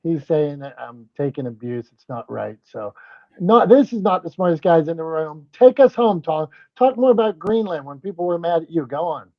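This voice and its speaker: A man with a regional American accent hosting a casual podcast chat, playful and excitable, often restarting his sentences. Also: on the high side, moderate pace, no echo. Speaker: host. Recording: slightly dull lo-fi sound.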